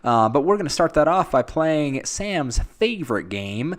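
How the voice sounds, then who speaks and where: A man's voice: on the high side, normal speed, few pauses. A young man co-hosting a podcast, chatting casually with a playful, teasing manner. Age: young adult. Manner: playful, teasing, jokes deadpan. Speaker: podcast co-host.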